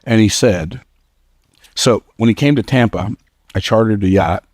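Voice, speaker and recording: Guy doing a motivational talk, kinda low voice, storytelling and chatty, dry sound no room echo. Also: a little slow, a little mellow. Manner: storytelling, emphatic and conversational; laughs at his own lines. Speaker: motivational speaker. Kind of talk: motivational speech to a live audience.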